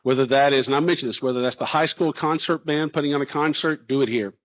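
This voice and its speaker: In a large hall, a middle-aged man running for chancellor fields public questions, telling stories in a folksy way. He talks fast in a medium-pitched voice, captured on dull lo-fi audio.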